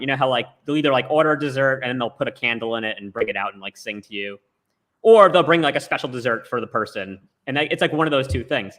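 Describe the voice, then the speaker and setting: A man with a mid-range, somewhat bright voice rambles through a story, leaning heavily on "like." He's a talk-show storyteller chatting casually, heard over a remote video call.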